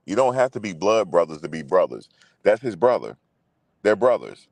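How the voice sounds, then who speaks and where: A low-pitched man with big pitch swings hosts a casual sports chat at a moderate pace, with no room sound. He's loose and profane, repeats himself, and speaks straight to his viewers.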